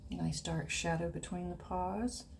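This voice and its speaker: A woman talks her way through a relaxed watercolor lesson in a lowish voice with a gravelly edge. She chats and thinks aloud as she works. Her voice often sinks to a quiet murmur while she paints, and there is a faint hum behind her. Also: measured pace. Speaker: watercolor instructor. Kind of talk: casual painting tutorial.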